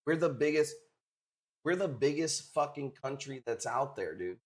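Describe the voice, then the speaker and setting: A man's voice: mid-range voice, animated, moderate pace. A man streaming live, chatting casually with viewers and joking in a brash, profane way.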